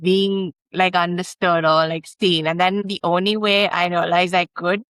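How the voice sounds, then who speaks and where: A woman with a fairly low voice talks thoughtfully and searchingly, as if in a casual conversation. She peppers her speech with "like" as she gathers her thoughts. The recording is dry and close, with no echo of a room. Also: little pitch movement, unhurried, clear, resonant tone. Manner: thoughtful and searching, lots of "like" fillers, soft laughs.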